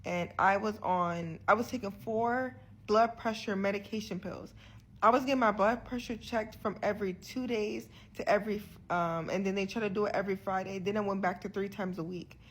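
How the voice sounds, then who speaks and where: Young woman, vlog, straight to camera, husky tone, frustrated, earnest, stumbling restarts. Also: medium pitch, fairly even intonation, normal speed. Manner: frequent restarts and repeated words. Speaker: vlogger sharing her health journey. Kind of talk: candid direct-to-camera vlog.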